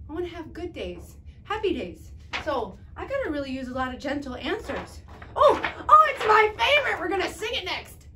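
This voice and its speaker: Young woman, high and wildly animated, kids' ministry teacher, bouncy and exaggerated, moving while talking. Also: very noisy. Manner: bubbly, exaggerated, sings and shouts, talks fast. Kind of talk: energetic kids' Bible lesson to camera.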